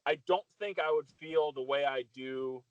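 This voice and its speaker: A man's voice: fairly high pitch, moderate pace, clear, resonant tone, no room sound. Effusive man on a dull remote line. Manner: effusive, with frequent restarts. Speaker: podcast guest. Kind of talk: casual podcast chat.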